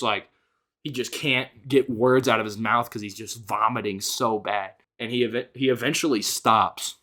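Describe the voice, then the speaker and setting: A man's voice: medium pitch, a bit bright. A young man telling a wild personal story in a loose, rambling way, swearing often and filling with "like". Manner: rambling, profane, fillers like "like". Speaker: vlogger. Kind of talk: casual storytelling.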